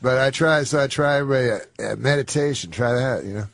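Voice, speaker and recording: A man's voice: mid-range voice, moderate pace. A man telling stories as a podcast guest in a laid-back, profane, dry and wry way. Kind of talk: casual storytelling chat.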